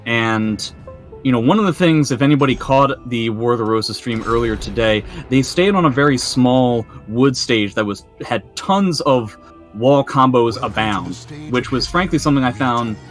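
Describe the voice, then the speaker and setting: A man's voice: mid-range voice, expressive, moderate pace. A young man giving analytical play-by-play commentary on a fighting game match, with self-mocking banter. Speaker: esports commentator. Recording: faint music underneath.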